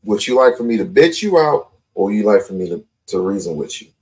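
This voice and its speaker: A man's voice: fairly low pitch, very animated, a little fast, darkish tone. A man hosting a live call-in stream, talking confrontationally and repeating his points. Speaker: livestream host.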